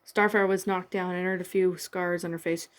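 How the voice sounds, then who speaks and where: A woman narrating fan fiction in a plain, halting read with small restarts. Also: fairly low pitch, flat delivery. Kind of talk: amateur fan-fiction reading.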